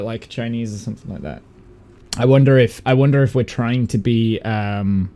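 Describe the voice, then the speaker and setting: A man's voice: mid-range voice, a little mellow. A man streaming live who chats through a racing game in a rambling way, laughing and swearing. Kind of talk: live gameplay commentary.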